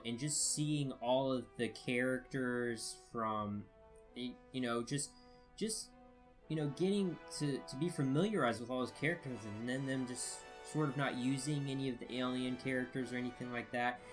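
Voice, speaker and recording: A man's voice: mid-range voice, fairly bright tone. A man giving a casual spoken review, rambling with many fillers and restarts. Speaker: video reviewer.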